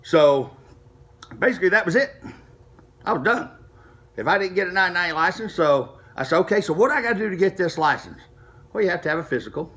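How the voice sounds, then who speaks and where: A middle-aged man casually telling a racing story to camera, profane and animated, acting out the people he quotes. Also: high-pitched, fast, long pauses. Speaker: street racer telling a story.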